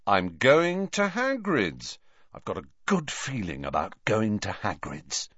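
A man's voice: fairly low pitch, wildly swooping pitch, takes it slowly, a bit bright, no room sound, heavily acted. A man voicing a determined teenage schoolboy. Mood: confident. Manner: earnest, sometimes urgent. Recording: dull lo-fi recording.

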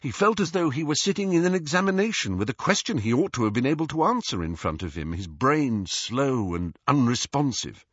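A man narrating an audiobook with expressive storytelling delivery. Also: mid-range voice, brisk, few pauses, husky, no echo. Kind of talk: scripted narration. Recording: dull lo-fi recording, dry.

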